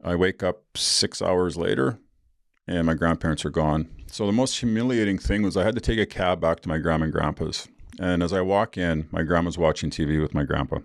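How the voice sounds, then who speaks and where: A man hosting a podcast, his very low voice rough with fry. He tells his own story bluntly and profanely, with rueful laughter. The sound is close and dry. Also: brisk, no room sound. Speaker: podcast host. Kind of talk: candid personal storytelling.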